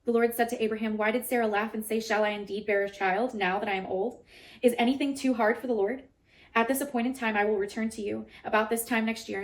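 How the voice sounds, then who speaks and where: A young woman who hosts Bible readings reads scripture aloud in a mid-range voice and reflects on it earnestly and emotionally, adding chatty asides. The recording quality is low.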